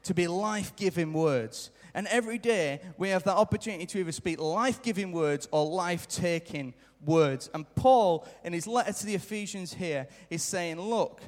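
Speaking at a normal speed with hardly any pauses, a high-voiced man preaches earnestly in a church hall, repeating key lines and now and then acting out small quotes. Live hall reverb colors the recording.

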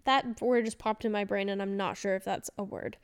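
A woman's voice: medium pitch, steady tone, brisk, smooth. A woman in her thirties hosting a casual solo podcast, rambling candidly with fillers and self-corrections. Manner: chatty and candid. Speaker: podcast host.

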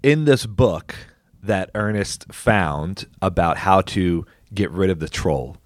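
A man's voice: low voice, lively intonation, slow, dry recording. A man co-hosting a podcast, retelling a movie scene in a casual, laughing manner. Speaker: podcast co-host. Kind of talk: casual chat.

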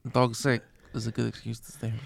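A man co-hosting a podcast in casual chat, speaking haltingly with many restarts and ready laughter. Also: mid-range voice, little pitch movement, gravelly, husky. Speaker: podcast co-host.

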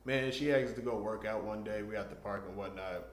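A man's voice: on the low side, fairly quick, slight background noise. Profane storytelling man, roomy sound. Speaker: podcast co-host. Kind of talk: casual chat. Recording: roomy echo.

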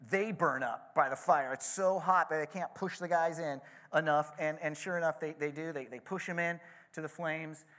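A pastor giving a sermon, retelling a story casually with frequent asides. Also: male voice, on the high side, steady tone, normal speed, a bit bright.

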